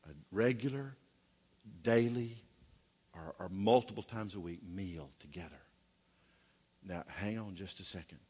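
A man's voice: low-pitched, unhurried, pauses often, darkish tone, husky. A middle-aged man preaching a sermon in a folksy way, with joking asides and rhetorical questions. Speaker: pastor.

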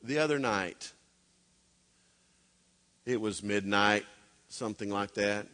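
A middle-aged man preaching a sermon, swinging from loud, urgent exhortation to hushed, intimate storytelling. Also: lowish voice, big-room sound. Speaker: pastor.

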